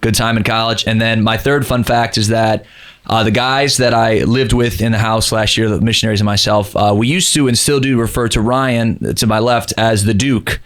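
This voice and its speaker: A man's voice: fairly low pitch, steady tone, normal speed, fairly bright tone. A young man in his twenties, a missionary guest, talking casually and explaining things at length. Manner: easygoing, explains at length with fillers. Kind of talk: casual chat.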